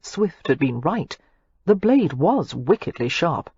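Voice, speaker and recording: A woman narrating a romance audiobook in an expressive, measured storytelling manner. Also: low-pitched, slightly rough, dry recording, highs cut off.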